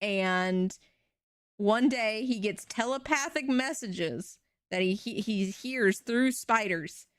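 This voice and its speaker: A young woman streaming, retelling a show in an animated, rambling way with casual swearing. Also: a little high, slow, clear, resonant tone. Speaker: VTuber streamer.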